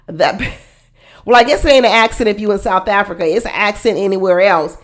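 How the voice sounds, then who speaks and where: A woman giving casual, blunt commentary on a reality show, with sassy, animated delivery and frequent laughing asides. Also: mid-range voice, brisk. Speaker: reality TV reaction host.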